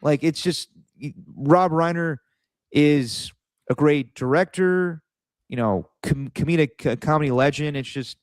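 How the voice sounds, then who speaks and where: A man's voice: on the high side, measured pace, dry recording. Man, casual podcast chat, anecdotal, filler-heavy, resonant voice. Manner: rambling, anecdotal, lots of fillers. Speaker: podcast co-host.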